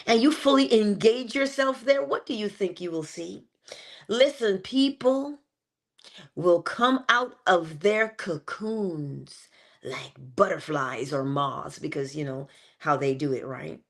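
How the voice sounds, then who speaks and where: A woman giving a motivational morning talk, animated and playful, with chatty asides. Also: on the low side, slow. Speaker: inspirational speaker.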